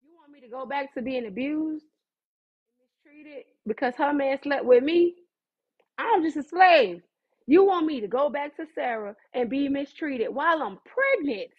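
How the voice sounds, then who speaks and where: A woman's voice: high-pitched, animated, measured pace, lo-fi sound. A woman voicing an indignant wronged servant. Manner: indignant, pleading. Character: wronged young slave woman, protesting.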